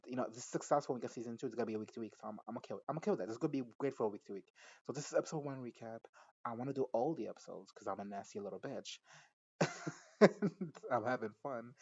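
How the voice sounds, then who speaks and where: Male vlogger, casual reaction recap, animated and foul-mouthed, laughs a lot, average pitch, slightly dull lo-fi sound. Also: dry recording. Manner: animated and profane, laughs often, mimics characters. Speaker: YouTuber recapping a TV episode.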